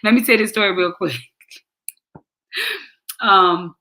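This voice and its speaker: A woman in her forties hosting a casual talk show, telling personal stories animatedly, breaking into loud emotional exclamations. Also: medium pitch, slow. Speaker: host. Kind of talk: casual chat show storytelling.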